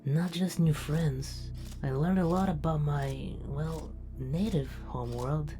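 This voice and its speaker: A woman voicing a sleepy, doting young female companion who speaks softly and affectionately in an animation. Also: deep voice, takes it slowly, music in the background. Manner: soft-spoken, drowsy and affectionate.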